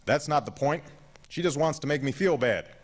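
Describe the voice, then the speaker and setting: A man voicing a proud old grandfather, gruff and defensive, grumbling with a raised, strained voice. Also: a little high, lively intonation, normal speed, a little hiss or hum, pitched above the performer's own voice, close to an everyday voice. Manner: agitated, grumbling.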